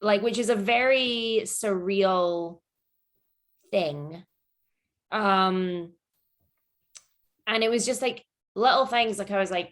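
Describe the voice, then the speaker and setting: Speaking slowly with long pauses, this medium-pitched woman from Scotland is a guest in a relaxed interview. Her manner is chatty, full of laughter and frequent "like" fillers.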